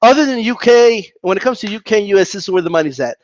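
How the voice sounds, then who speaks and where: A man rants at his viewers about boxing. He argues and mocks, and his high voice leaps all over the place. The recording is dry and a little muffled. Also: fast, no echo. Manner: animated, argumentative, mocks opponents in high voices. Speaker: boxing commentator. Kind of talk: casual ranting commentary.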